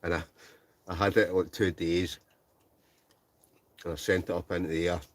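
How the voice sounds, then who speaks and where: This Scottish livestream host talks from his tent in a casual stream, chatting, laughing and reading out what viewers write. He speaks at a normal speed in a low, level tone.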